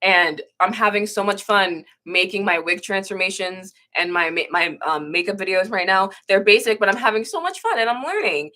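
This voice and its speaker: Bright-voiced young woman ranting candidly. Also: mid-range voice, normal speed, hardly any pauses. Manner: candid, swearing, emotional rants; rambling with frequent restarts. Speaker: livestream host. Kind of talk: casual livestream chat.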